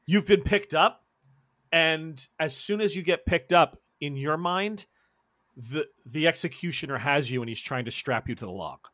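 A man's voice: fairly high pitch, normal speed. A man narrating a tabletop role-playing game as game master. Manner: animated, lively narration.

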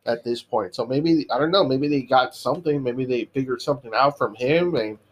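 A man's voice: mid-range voice, a little fast. Laid-back man rambling about movies. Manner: relaxed, rambling, laughs easily. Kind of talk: casual movie chat.

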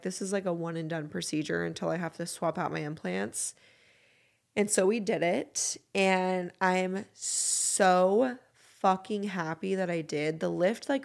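A woman in her thirties talks on her podcast in a low, gravelly voice with a bit of vocal fry. She is frank and candid and swears casually as she chats. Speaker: podcast host.

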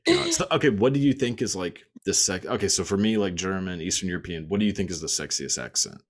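A man's voice: deep voice, big pitch swings, fast talker. A man hosting a podcast in casual chat, laughing often, swearing and rambling with many fillers. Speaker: podcast host.

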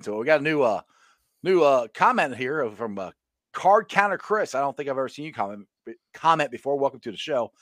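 A man hosting a casual sports talk show, animated and reading viewer comments aloud. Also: medium pitch, no echo, studio quality. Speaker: show host.

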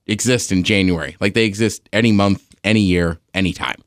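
A man's voice: low-pitched, brisk, dry recording. Easygoing man, dry close sound. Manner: easygoing, encouraging, chimes in with short quips. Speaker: podcast co-host. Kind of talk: casual chat.

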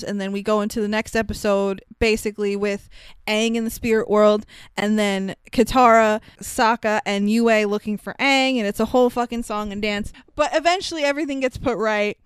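A woman co-hosting a podcast, recapping an animated show in casual chat, animated and swearing constantly with frequent laughs. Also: medium pitch, normal speed, clean tone, no echo. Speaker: podcast co-host.

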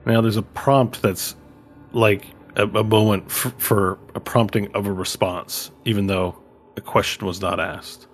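A man's voice: fairly low pitch, fairly even intonation, a little slow. A man narrating as game master of a tabletop game, rambling and repeating words as he describes scenes. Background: faint music.

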